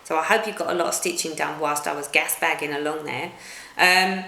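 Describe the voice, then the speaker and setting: A woman's voice: low-pitched, steady tone, brisk, gravelly, pushed and bright. A middle-aged woman with a British accent, chatting at home in a casual vlog and rambling with many restarts. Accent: British English. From United Kingdom. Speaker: cross-stitch vlogger. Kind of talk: casual chat. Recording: roomy echo.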